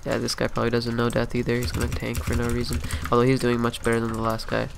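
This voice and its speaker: A young man giving profane, running commentary over his own game, muttering asides and then yelling trash talk at opponents. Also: mid-range voice, monotone, fast talker, gravelly, background noise. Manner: profane, swinging between mumbled asides and yelled trash talk. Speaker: gameplay commentator. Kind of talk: live gameplay commentary.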